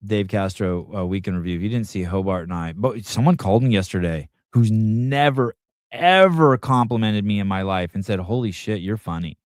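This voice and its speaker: A middle-aged man hosts a live podcast, telling rambling, profane stories in a relaxed chat. His voice sits on the low side at a normal pace, and the recording is dry with clean studio sound.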